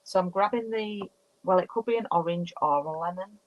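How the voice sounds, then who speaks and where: A woman's voice: fairly low pitch, brisk, muffled recording, slight background noise. A woman in her fifties from the UK, chatting casually as she demonstrates card making and reads out viewer comments. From United Kingdom. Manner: chatty, talks through each step while working. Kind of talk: casual live crafting chat.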